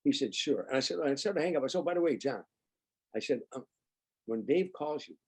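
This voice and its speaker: An older man, a comedian guest, telling lively anecdotes in an interview and acting out the dialogue. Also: medium pitch, fast talker, slightly rough. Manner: animated anecdotes, acts out quoted dialogue. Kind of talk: storytelling interview.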